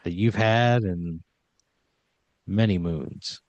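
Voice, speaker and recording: A man narrating an improvised comedy story as game master, deadpan and laid-back with lots of filler words. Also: low-pitched, very slow, no echo, muffled recording.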